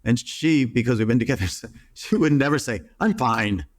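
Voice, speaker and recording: A man's voice: medium pitch, a little fast, a little mellow. A middle-aged man, a psychotherapist, talking earnestly in an interview and stumbling through restarts. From United States. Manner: earnest, acts out quoted voices, many restarts. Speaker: psychotherapist guest. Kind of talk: reflective interview talk.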